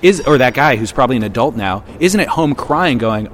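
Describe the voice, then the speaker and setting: A man talking in relaxed podcast chat, his voice at an ordinary middle pitch. He tells his side with animation, slipping into quoted lines as he goes. A faint hiss sits under the voice. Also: a little fast. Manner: animated, acts out quoted remarks. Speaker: podcast co-host. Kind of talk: casual chat.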